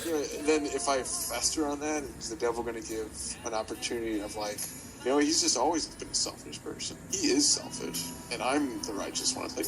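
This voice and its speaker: A man's voice: mid-range voice, a little fast, rough recording. A man, a priest co-hosting a casual podcast, who talks in an easygoing, reflective way and thinks aloud with lots of fillers. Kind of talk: casual chat. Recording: music clearly playing behind.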